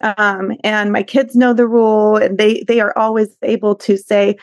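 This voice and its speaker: A woman's voice: medium pitch, flat delivery, normal speed, dry recording. Middle-aged woman therapist, guest, earnest storyteller, dry close sound. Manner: tender, earnest, acts out quoted voices. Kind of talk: conversational storytelling.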